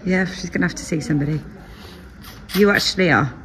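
A woman's voice: lowish voice, quick pace. A middle-aged woman filming her daughter's vlog, chatting casually, teasing and laughing often, and cooing to the horse. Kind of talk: casual chat behind the camera. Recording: loud background music over the voice.

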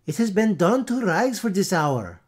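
A man voicing a chorus of fussy little old Dutch burghers, counting and crying out loudly in a comic put-on German-Dutch accent. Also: a little high, huge pitch swings, drawn-out words, slightly rough, exaggerated voice. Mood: outraged.

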